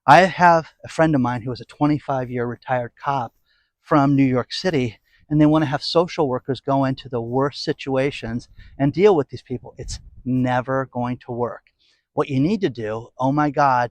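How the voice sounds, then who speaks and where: A man's voice: mid-range voice, moderate pace, dry recording. A middle-aged man delivering an opinionated, sarcastic commentary rant as a vlogger. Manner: sarcastic, ranting, mocking.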